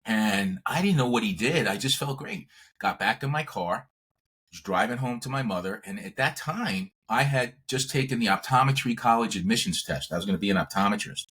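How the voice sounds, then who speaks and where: A middle-aged man from Brooklyn, a chiropractor guest telling his story in an interview in an animated, emphatic way, repeating words for stress. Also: lowish voice, brisk, husky. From Brooklyn, New York.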